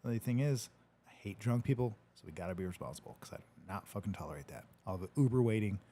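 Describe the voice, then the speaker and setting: Laid-back male livestream host, low and husky, casual and joking, swears freely. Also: lively intonation, racing, warm tone. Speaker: podcast host reading live comments. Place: home studio.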